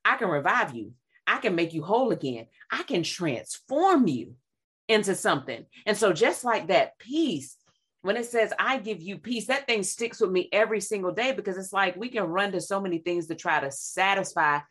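A woman, sharing devotional reflections and quoting scripture in a lively, conversational preaching way. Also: mid-range voice, moderate pace, breathy edge. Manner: animated, quotes scripture, acts out voices. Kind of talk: faith talk, conversational preaching.

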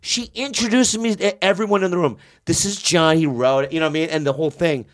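A man's voice: a little high, quick pace. A male comedian telling stories in casual podcast chat, stammering through restarts in a studio. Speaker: comedian guest.

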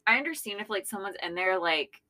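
A woman's voice: medium pitch, expressive, a little fast, sharp tone. A woman co-hosting a podcast, chiming in with short reactions and asides in casual chat. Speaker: podcast co-host.

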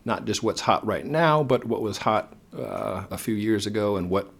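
A man's voice: lowish voice, moderate pace, vocal fry, husky. A man co-hosting a casual podcast chat, rambling and correcting himself with a joking tone. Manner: rambling, self-correcting, jokey. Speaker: co-host.

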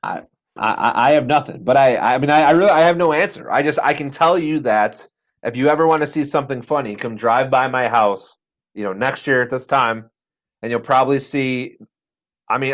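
A man's voice: mid-range voice, lo-fi sound. A man co-hosting a casual podcast, griping with profanity and frequent laughter. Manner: profane, exasperated, laughing often. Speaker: podcast co-host.

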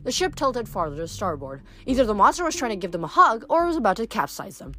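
Woman reading a book out loud, lively voice, shouts the dialogue, trips over words now n then, faint music behind. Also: medium pitch, quick pace, few pauses. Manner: animated, shouts character lines, stumbles and restarts. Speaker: reader. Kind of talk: amateur book read-aloud.

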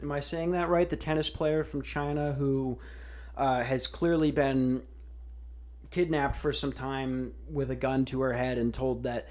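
A man's voice: medium pitch, level tone, unhurried, darkish tone. A man hosting a podcast, ranting in a casual, sarcastic way with lots of swearing and restarts. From United States. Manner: profane, sarcastic, rambling with restarts. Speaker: podcast host. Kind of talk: casual comedic rant.

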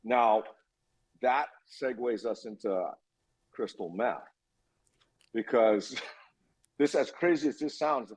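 Husky-voiced man telling a wild story. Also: mid-range voice, takes it slowly, pauses often, rough recording. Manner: animated storyteller, swears freely, acts out quoted voices. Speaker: guest. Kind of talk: casual storytelling interview.

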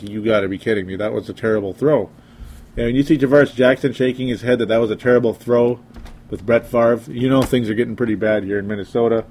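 Fed up midwest guy ranting sports from his desk mic, mid pitch voice. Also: a little mellow. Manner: exasperated, sarcastic. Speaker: sports commentator. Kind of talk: casual sports commentary.

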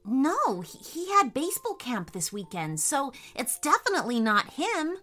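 A woman voicing a polite, sensible young boy in a children's story, quick to apologise. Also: high voice, wildly swooping pitch, pushed and bright, faint music behind, heavily acted.

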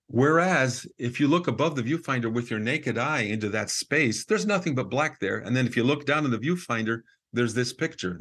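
Husky and mid-range, this man's voice carries a relaxed podcast-guest story. He's a lively narrator who fills gaps with filler words and performs the lines of the people he quotes.

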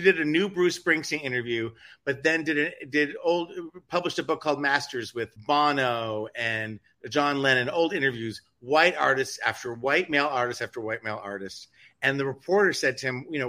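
A man's voice: a little high, fairly quick, pushed and bright. A man co-hosting a casual talk show, rambling through indignant commentary with frequent restarts. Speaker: co-host. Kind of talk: casual chat.

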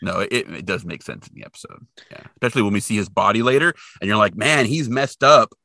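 A man's voice: on the low side, animated, fast, vocal fry, pushed and bright, no echo. A man co-hosting a podcast, recapping an episode in casual chat and adding playful sound effects and asides. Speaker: podcast co-host.

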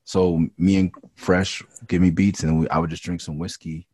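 A man who raps, from the Los Angeles area, talking frankly and with a lot of swearing in a casual interview, and getting louder when he is heated. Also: low voice, level tone, normal speed, breathy edge, no room sound, studio quality. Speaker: rapper and interview guest. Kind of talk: candid casual interview talk.

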